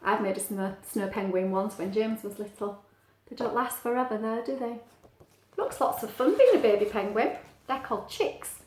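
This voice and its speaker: A middle-aged woman teacher reading a picture book aloud to children, gentle and animated, asking the listener questions. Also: a little high, normal speed, a little hiss or hum. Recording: echoey room.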